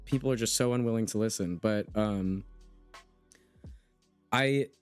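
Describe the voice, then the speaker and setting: A man's voice: fairly low pitch, a little slow, clear, resonant tone, faint music behind. A young man from the United States hosting a casual conversation, talking earnestly and with emphasis. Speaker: podcast host. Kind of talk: casual conversation, reading chat comments.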